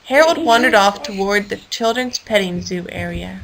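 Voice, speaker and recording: A woman reading a children's story aloud in a playful, animated way with sound effects. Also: mid-range voice, normal speed, poor audio.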